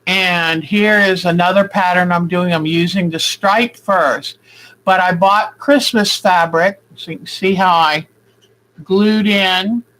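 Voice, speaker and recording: A woman's voice: on the low side, slow, a bit bright, low-quality recording. A woman at home showing her quilting work in a casual, rambling way, thinking aloud as she goes. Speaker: quilting vlogger. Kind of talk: casual craft demonstration.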